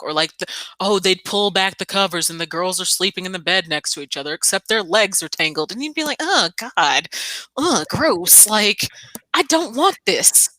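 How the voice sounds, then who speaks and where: A woman's voice: on the low side, no room sound. A young woman co-hosting a podcast, chatting casually with emphatic asides. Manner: animated, emphatic, quick asides. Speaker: podcast co-host.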